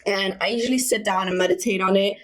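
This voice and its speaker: A woman's voice: mid-range voice, fast talker. A woman vlogging in a casual, candid way, telling personal stories with slang and filler words as she rambles on. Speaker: self-help vlogger.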